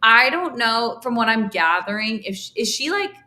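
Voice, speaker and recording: A woman's voice: on the high side, normal speed. A young woman guesting on a podcast, chatting casually and peppering her talk with "like" as she acts out what others said. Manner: heavy use of "like", animated quoting of others. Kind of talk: casual chat.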